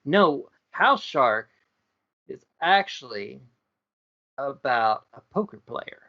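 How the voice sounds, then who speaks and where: A man tells a made-up plot very slowly, pausing and restarting as he goes. The audio is dull and lo-fi. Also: mid-range voice, big pitch swings, sharp tone. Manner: slow, halting storytelling with restarts. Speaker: podcast co-host. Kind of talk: casual playful chat.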